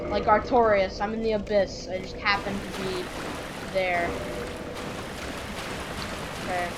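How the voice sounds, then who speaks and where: A woman's voice: medium pitch, steady tone, normal speed, pauses often, background noise. A woman from Michigan hosting a casual let's-play, rambling and joking as she plays. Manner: rambling, joking, laughs often. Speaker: gaming channel host.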